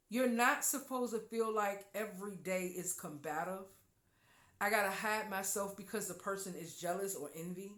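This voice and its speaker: A woman hosting a podcast, giving an emphatic, preachy spiritual talk with loud exclamations. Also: mid-range voice, roomy sound. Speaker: podcast host.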